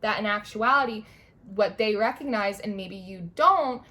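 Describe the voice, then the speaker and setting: A woman's voice: medium pitch, moderate pace, bright, forceful tone. A young woman giving a casual, meandering tarot reading, full of "like" and restarts. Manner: chatty, meandering, heavy use of "like". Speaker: tarot reader. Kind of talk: spiritual tarot reading monologue.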